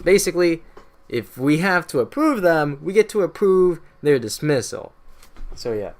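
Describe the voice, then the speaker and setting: A man's voice: a little high, big pitch swings, moderate pace. A young man explaining history in a casual, irreverent way, swearing constantly and slipping into mocking voices for historical figures. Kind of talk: casual profane history narration.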